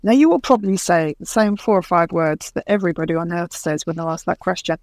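Emphatic woman telling lively anecdotes. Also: lowish voice, fast talker, no room sound. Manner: emphatic, storytelling, acts out quoted dialogue. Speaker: TV producer and speaker. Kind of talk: conversational interview.

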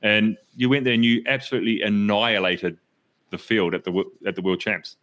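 Podcast host guy, kinda low voice, hyped up and swearing as he talks up his guest. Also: steady tone, fairly quick, a bit bright. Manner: enthusiastic, sweary praise. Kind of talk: casual podcast chat.

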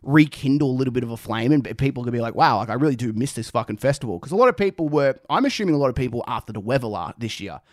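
A young Australian man co-hosting a casual podcast, animated and laughing, with plenty of swearing. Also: medium pitch, rapid-fire, hardly any pauses, no echo, studio quality. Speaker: podcast co-host. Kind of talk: casual chat.

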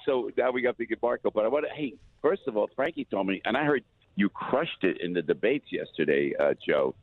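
A man hosting a radio show, talking in a casual, rambling way full of filler pauses. His voice sits very low. He comes through a dry, tinny phone connection. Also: expressive, breathy edge, no echo. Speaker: radio host. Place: on tour abroad, phoned in.

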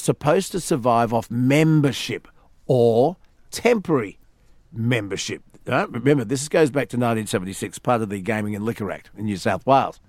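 An Australian man hosting a talk radio show, telling a story with lively acted quotes in a studio. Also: medium pitch, dry recording. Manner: animated storyteller, acts out quotes. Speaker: radio host.

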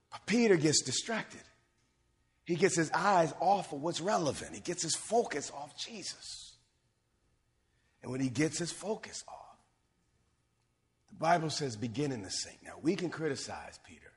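Lively pastor guy preaching, voice jumps all over, kinda high, big echo off the church walls. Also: normal speed, long pauses, slight background noise. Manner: animated preaching, rising to near-shouts and dropping low. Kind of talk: sermon. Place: church sanctuary. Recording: long hall reverb.

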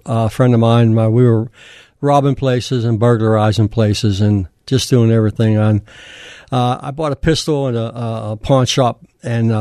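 A man's voice: medium pitch, dark tone, no echo. Older man with a dry, close sound. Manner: plain-spoken, halting, with many fillers and restarts. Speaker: guest. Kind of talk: personal testimony in casual talk.

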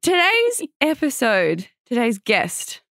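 A woman's voice: a little high, wildly swooping pitch, slow, fairly bright tone, dry recording, studio quality. A young woman hosting a podcast, telling a funny story in casual chat with frequent laughs. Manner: chatty storyteller, laughs often, acts out quotes. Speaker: podcast host.

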